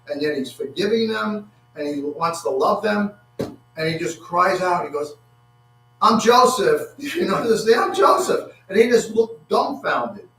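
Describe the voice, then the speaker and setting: A man preaching a sermon, halting and repeating words, acting out quotes with rising excitement. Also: high voice. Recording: echoey room from far off with faint hum.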